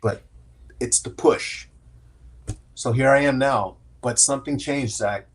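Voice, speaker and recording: Middle-aged male guest, candid, casual, talks in restarts, average pitch. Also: unhurried, breathy edge. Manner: candid, storytelling with frequent restarts. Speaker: podcast guest. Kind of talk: casual interview conversation.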